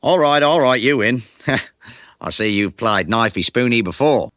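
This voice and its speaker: A cocky bar trickster. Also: male voice, medium pitch, animated, a little slow, fairly bright tone, no room sound, clean studio sound. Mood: boastful. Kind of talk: cartoon voice acting.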